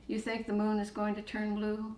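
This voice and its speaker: A woman's voice: mid-range voice, completely flat delivery, moderate pace, a little mellow, roomy sound, recorded from a distance, a little hiss or hum, voice pushed up, natural voice. A woman voicing a stranded young woman traveler who talks directly and a bit impatiently.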